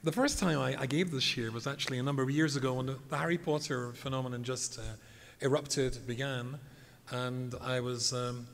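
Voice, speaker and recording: A man's voice: medium pitch, fairly even intonation, a little fast, creaky, fairly bright tone. A man, a rabbi giving a humorous storytelling lecture, wry and self-mocking. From England. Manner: wry, self-mocking, tells jokes and does voices. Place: convention hall. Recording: reverberant hall, faint background noise.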